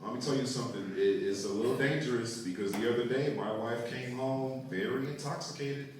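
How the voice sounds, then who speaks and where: A young man performing a stand-up comedy set on a theater stage, telling animated stories and acting out quotes. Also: mid-range voice, fairly quick. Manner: animated storytelling with acted-out quotes. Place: theater stage before a live audience. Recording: echoey theater, mic heard from far off. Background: audience room noise.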